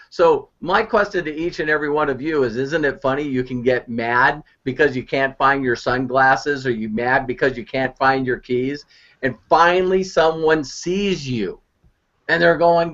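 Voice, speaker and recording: A man telling an animated story as an online marketing mentor on a live video call, repeating words as he goes. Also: fairly high pitch, moderate pace. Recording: muffled video call audio.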